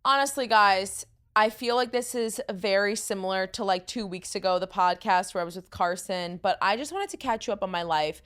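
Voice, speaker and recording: Speaking at normal speed with few pauses, this young New Yorker has a mid-range, slightly bright voice. She's the host of a casual podcast chat, tired and rambling, with frequent laughter.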